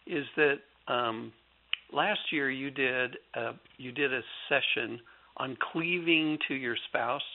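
A man who is an author being interviewed on a radio show, speaking reflectively with halting restarts over a phone line. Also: medium pitch, gravelly. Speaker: guest author.

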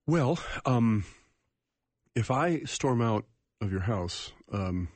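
A man guesting on a radio talk show, answering earnestly with halting restarts. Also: mid-range voice, expressive, a little mellow, no echo.

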